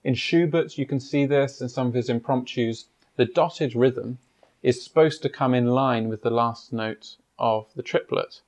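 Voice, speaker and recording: A man teaching piano, explaining pedaling, fingering and rhythm in a measured way with pauses and fillers, his words broken up by demonstrations at the piano. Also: medium pitch, darkish tone, dull audio. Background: piano playing.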